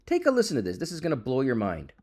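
A man hosting a software tutorial, talking casually and with big enthusiasm as he clicks through the screen. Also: mid-range voice, huge pitch swings, very fast, husky. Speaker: tech YouTube host.

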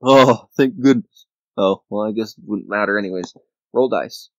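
A man's voice: on the low side, moderate pace, no echo, poor audio. A man casually commenting on his own board game play, counting squares aloud and grumbling at his opponent. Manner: talks to himself, counts squares aloud, mock-angry grumbling. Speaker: gamer playing a board game video game.

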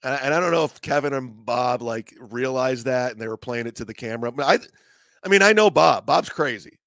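A man hosts a comedy podcast, casually telling a profane, animated story and acting out other people's voices. His pitch is medium, his pace fairly quick, and the recording dry.

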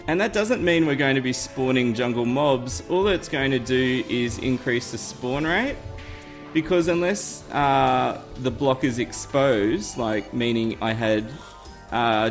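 A man's voice: mid-range voice, unhurried. A man hosting a casual game tutorial, chatty and upbeat, often laughing at himself. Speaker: gaming YouTuber host. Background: faint game music.

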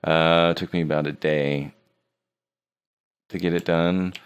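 In a casual screen-recorded tutorial, a 3D art teacher runs a rendering class, joking and teasing his students as he works. His voice is deep, steady, smooth, and measured in pace.

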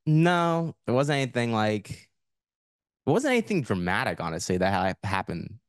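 A man's voice: mid-range voice, big pitch swings, normal speed, dry recording. Man, podcast guest, casual rambling chat, filler-heavy, dry close sound. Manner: laid-back, rambling with frequent "like".

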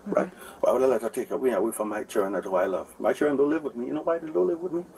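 A man's voice: medium pitch, very fast, vocal fry, a little mellow. A man in his forties rambling to police officers, repeating himself and asking for agreement, recorded on a bodycam. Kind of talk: heated conversation with officers. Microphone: officer's body camera. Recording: distant bodycam audio with faint background noise.

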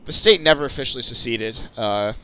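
A man's voice: mid-range voice, a little fast, bright, forceful tone, smooth, low-quality recording. Chatty young man narrating a sim flight. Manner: chatty, lots of uh fillers and restarts. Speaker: video host. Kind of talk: casual flight sim commentary.

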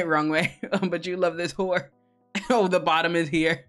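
A woman's voice: lowish voice, fairly even intonation, a little slow, faint music behind. A woman streamer hosting a co-working stream, chatting casually with viewers in a teasing, profane, giggly way.

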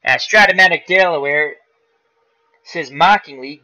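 Man, higher-pitched and very bright, casual play-by-play of a dice football game over dull lo-fi stream audio. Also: unhurried. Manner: casual, explains dice rolls aloud, excitable at big plays. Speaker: tabletop football game host.

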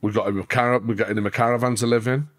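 A man, a guest on a podcast, telling his side of a story with a mid-pitched voice. He curses through almost every sentence and shoots up in pitch whenever he gets heated. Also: rapid-fire. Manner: sweary, animated, pitch leaps up when worked up. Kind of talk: casual storytelling interview.

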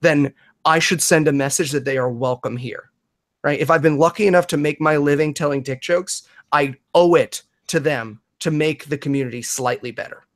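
A man is chatting on a video call, his voice sitting high for a man. He tells his stories in a rapid, animated way and often restarts a sentence before he finishes it. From New York. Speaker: comedian and magician guest. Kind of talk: casual video-call chat.

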